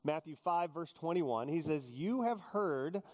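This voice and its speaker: A male pastor preaching a sermon, joking with the congregation and acting out quotes in animated storytelling. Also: on the high side, a little slow. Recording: long hall reverb.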